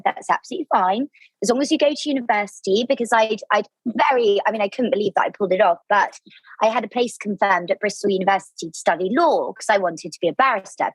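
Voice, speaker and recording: A woman in her twenties from Devon with an English accent, chatting as a guest author in a casual interview, bubbly and quick to laugh. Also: a little high, no echo, low-quality recording. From Devon, southwest England. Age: 20s. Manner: bubbly and effusive, laughs often.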